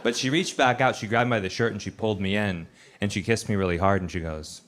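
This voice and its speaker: A man doing stand-up comedy on a stage, telling stories in a deadpan, conversational way. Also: lowish voice, quick pace, hardly any pauses. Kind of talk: stand-up storytelling. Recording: loud background noise.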